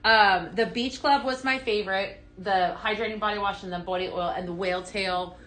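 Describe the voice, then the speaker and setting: Bright, chatty woman hosting a live sales show. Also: mid-range voice, steady tone, normal speed. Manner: chatty, reads and answers viewer comments; enthusiastic with fillers and restarts. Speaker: host of a live home-fragrance sales show. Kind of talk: casual live-stream product demo.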